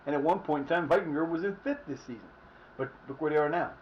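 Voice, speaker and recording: A man's voice: on the high side, fast, muffled recording, a little hiss or hum. A man streaming live and chatting casually over his game, rambling with frequent restarts and fillers. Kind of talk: casual live gameplay commentary.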